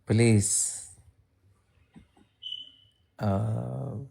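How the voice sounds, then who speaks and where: A woman livestreamer chats casually with her viewers, addressing chat directly and talking back to them bluntly, joking and swearing freely. Her voice is a rumbling low with a darkish tone, and she speaks slowly.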